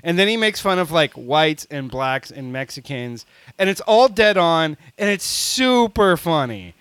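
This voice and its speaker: A man co-hosting a podcast, spinning a casual story with lots of fillers and frequent laughter. His voice sits high and swings widely in pitch. The sound is dry and close. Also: a little slow, clear, resonant tone, no room sound. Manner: animated, laughs often, many fillers. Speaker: podcast co-host.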